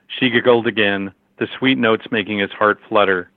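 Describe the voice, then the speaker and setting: Low-voiced man reading a story. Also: steady tone, moderate pace, no room sound. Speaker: narrator. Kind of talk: storybook narration. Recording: tinny, dry phone-like line.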